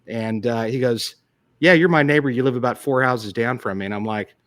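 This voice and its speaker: A man hosting a casual interview, a police detective who tells stories with halting restarts. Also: medium pitch, dry recording, studio quality. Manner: halting, frequent restarts while recounting. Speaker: podcast host, police detective.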